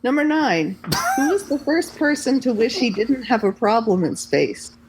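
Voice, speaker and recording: A woman's voice: a little high, expressive, normal speed, noisy background. A woman co-hosting a podcast, chatting casually and reading out playful trivia questions. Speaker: podcast co-host. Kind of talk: casual chat.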